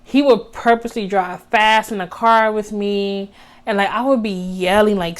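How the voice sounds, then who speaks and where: A woman's voice: medium pitch, steady tone, normal speed. Young woman, storytime vlogger, casual and slangy, talks right to viewers. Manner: chatty, heavy use of "like" and slang, addresses viewers as y'all.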